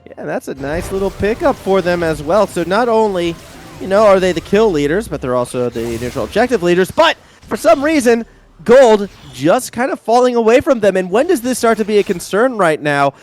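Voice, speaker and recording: Chatty Australian esports caster, higher voice. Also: male voice, fairly quick, faint music behind. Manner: animated, chatty, jokey asides. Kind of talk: live play-by-play commentary.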